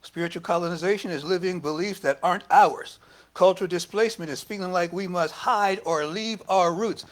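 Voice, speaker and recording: A man preaching a sermon as minister, lively and talking back and forth with the congregation. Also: sits high, brisk. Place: church service.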